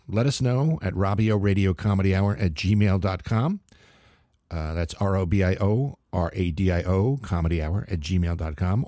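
Low, mellow-voiced man hosting comedy. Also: dry recording, studio quality. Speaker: comedy podcast host. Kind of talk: scripted comic monologue.

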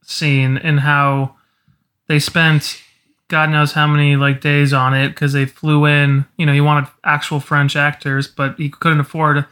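A man's voice: a little high, little pitch movement, a little slow, fairly bright tone, clear, resonant tone. A man co-hosting a casual podcast, talking earnestly and filling his speech with "you know.". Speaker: podcast co-host. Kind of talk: casual chat.

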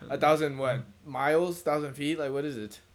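A man's voice: a little high, normal speed. Laid-back young man, slangy banter. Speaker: podcast co-host. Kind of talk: casual chat. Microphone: podcast mic.

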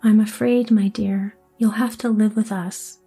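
A kindly old good witch, read by a woman, speaking in a gentle, motherly way. The tone is mellow and a little breathy. A faint bed of music plays underneath. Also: medium pitch, steady tone, measured pace, exaggerated voice.

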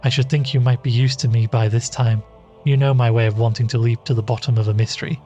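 A man voicing a brusque, secretive brother in a ghost story, sharp then forcedly easy. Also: mid-range voice, steady tone, quick pace, highs cut off, soft background music, natural voice. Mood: uneasy.

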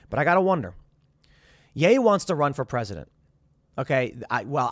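Male podcast host in his thirties, higher voice, close dry sound, rambling with restarts. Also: fairly bright tone, dry recording. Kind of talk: casual commentary.

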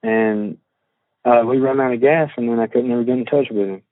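Guy on a tinny phone call, halting drawl, lots of uh and restarts. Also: mid-range voice, no room sound. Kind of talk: phone interview, reading text messages aloud. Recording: tinny phone line, dry.

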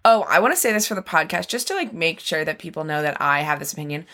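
A woman's voice: low-pitched, expressive, fast talker, sharp tone. A young woman co-hosting a podcast in casual chat, laughing often. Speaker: podcast co-host.

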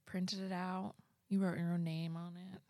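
A woman's voice: on the low side, level tone, normal speed, a little mellow, dry recording. A woman co-hosting a podcast in casual chat, dry and teasing. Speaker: podcast co-host.

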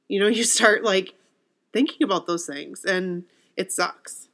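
A woman's voice: medium pitch, a little slow, a bit bright. A woman co-hosting a casual talk show, emotional and sniffling as she reads listener stories aloud. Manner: emotional, sniffling, laughing through tears. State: teary and sniffling. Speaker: podcast co-host reading listener stories. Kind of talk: casual chat and reading aloud.

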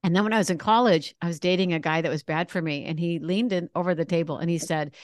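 A woman's voice: on the low side, fairly even intonation, fast, few pauses, dry recording, studio quality. A middle-aged woman, an interview guest, telling her own story frankly and acting out the people she quotes. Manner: frank and confessional, acts out quoted dialogue. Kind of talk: candid personal storytelling.

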